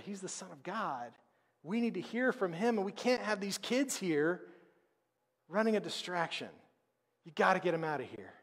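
A man preaching a sermon as pastor, conversational and emphatic, with dramatic pauses. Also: high-pitched, slightly rough. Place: church sanctuary. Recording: long reverb of a church hall.

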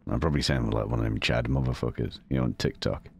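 A young man hosting a horror game let's play, deliberately keeping his voice low and quiet so he doesn't set off the mic, muttering casual, swear-laden commentary as he plays. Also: steady tone, gravelly, husky. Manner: hushed, talking low to keep quiet. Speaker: gaming channel host.

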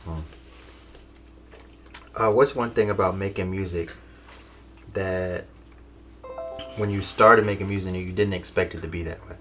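A host asking short, quiet interview questions and murmuring agreement. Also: low-pitched, fairly even intonation, measured pace, pauses often.

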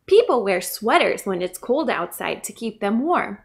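A woman's voice: medium pitch, normal speed, gravelly, breathy edge. A woman telling a story to children at a library story time, speaking to them directly. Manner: bright, animated, addresses children.

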